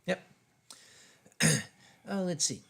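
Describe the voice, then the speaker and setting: A man hosting a casual drinking stream, reading out viewer questions and giving short, dry answers. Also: very slow. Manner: dry, clipped replies, reads viewer questions. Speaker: host.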